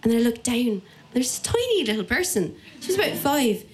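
A young woman with an Irish accent tells a funny personal story to an audience, self-mocking and lively, acting out the voices of the people in it. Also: on the high side, normal speed.

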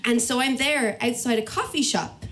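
Irish woman storyteller, lively, acts out the people she quotes, higher voice. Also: moderate pace. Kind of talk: personal story told to an audience.

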